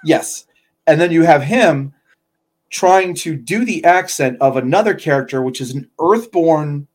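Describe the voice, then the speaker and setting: A young adult man co-hosting a casual podcast chat, telling loose, rambling stories that wander between thoughts. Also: fairly high pitch. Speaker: podcast co-host.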